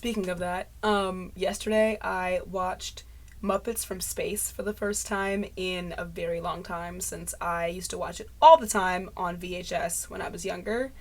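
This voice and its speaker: A woman with a lowish voice vlogs in a relaxed talking-head chat, speaking at a measured pace with fairly even intonation. She rambles freely and laughs at herself, and the recording is close to clipping.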